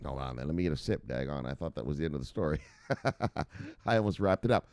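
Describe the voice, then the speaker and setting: A man's voice: a bass voice, animated, brisk, darkish tone, no room sound. A man hosting a crypto news show, reading articles aloud and riffing on them in a profane, rambling way. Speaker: crypto news channel host.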